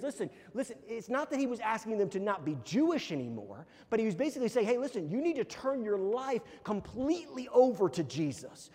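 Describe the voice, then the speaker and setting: A man preaching a sermon as pastor, his voice sitting high for a man. He talks in an animated way and keeps checking in with his listeners. His words ring out with a long reverb in a church hall. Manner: animated, repeats "okay?" to check in.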